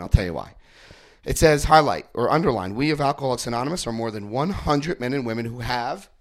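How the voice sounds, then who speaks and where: A middle-aged man speaking to a recovery group, telling stories with quoted voices and asking the room questions. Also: mid-range voice. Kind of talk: informal group talk.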